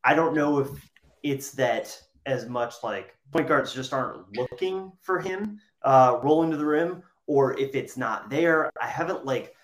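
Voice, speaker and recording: Male podcast guest, mid-range pitch, easygoing analysis, echoey room sound. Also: measured pace. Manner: relaxed, hedging, many "like" fillers. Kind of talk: casual sports analysis chat.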